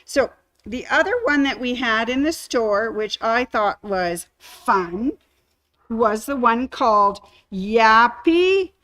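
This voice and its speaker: A woman hosting a sewing shop livestream, chatting casually and giving shout-outs to viewers. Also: fairly high pitch, lively intonation, takes it slowly. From Canada.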